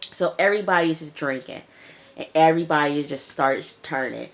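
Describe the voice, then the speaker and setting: A young woman recapping a TV episode in casual chat, animated and emphatic, repeating lines for effect. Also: low voice, normal speed. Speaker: TV show reviewer.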